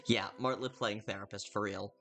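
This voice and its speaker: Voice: sits low, steady tone, normal speed, fairly bright tone, soft background music. A gaming streamer reading game dialogue aloud and dropping casual, chatty asides.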